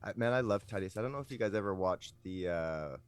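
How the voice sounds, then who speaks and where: A man's voice: low-pitched, expressive, fast, clean tone. A man co-hosting a podcast, chatting casually, laughing often and eagerly egging others on. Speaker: podcast co-host. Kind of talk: casual chat.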